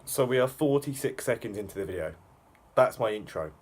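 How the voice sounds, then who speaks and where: A man's voice: on the low side, expressive, fairly quick, a little mellow, slightly rough. A young man rambling through self-mocking reaction commentary, with lots of fillers. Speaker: YouTuber.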